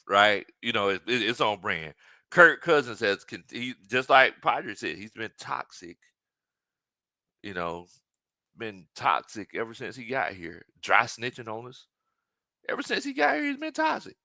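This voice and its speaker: Man, sports talk host, animated and joking, bright voice, dry close sound. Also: mid-range voice, dry recording. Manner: animated, joking, mimics players in quoted asides. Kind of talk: casual sports talk with mock impressions.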